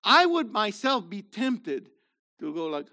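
A middle-aged man preaching a sermon in a loose, conversational way, swinging from loud to quiet. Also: sits high, sing-song, slow pace. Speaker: pastor.

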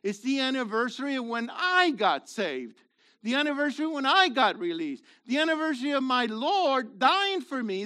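A man's voice: very high voice, sing-song, moderate pace, sharp tone. A man leading his congregation in a sermon, asking them questions and building to emphatic, rhetorical peaks. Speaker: messianic congregation leader.

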